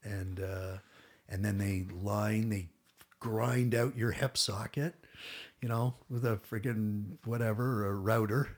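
A man's voice: fairly low pitch, fairly even intonation, slow pace. A middle-aged man telling a long story as a podcast guest, rambling and acting out what others said, with casual swearing.

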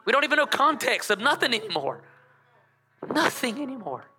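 A male pastor preaching a lively sermon in church, talking straight to the congregation and drawing it into call and response. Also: very high voice, brisk, breathy edge, soft background music.

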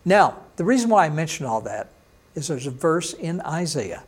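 A man's voice: a little high, very animated, moderate pace, husky. A man pastor teaching an online sermon, explaining words step by step and sometimes voicing a listener's questions back to himself.

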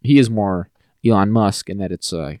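A man's voice: lowish voice, moderate pace, darkish tone, no room sound, clean studio sound. A man co-hosting a podcast in casual chat, wry and mocking as he picks apart movie dialogue. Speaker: podcast co-host.

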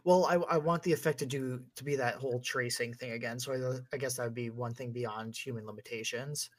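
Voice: mid-range voice, fairly even intonation, a little fast. A player at a tabletop game, thoughtful and asking about the rules. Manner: thoughtful, asks rules questions.

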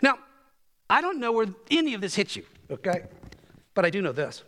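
A man preaching a sermon, telling a personal story with lively ups and downs in his voice. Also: brisk. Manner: storytelling with lively pitch swings.

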